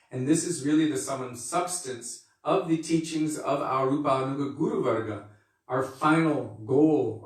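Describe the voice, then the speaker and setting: Male spiritual teacher, measured devotional talk, repeats phrases, distant and echoey. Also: mid-range voice. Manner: earnest, unhurried, repeats phrases for emphasis. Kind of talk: devotional lecture.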